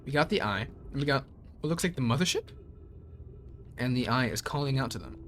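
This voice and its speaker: Lively young man reading game lore. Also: medium pitch, a little hiss or hum. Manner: curious, thinks aloud, reads lore in a measured voice. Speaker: let's play streamer. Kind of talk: blind playthrough commentary, reading game text aloud.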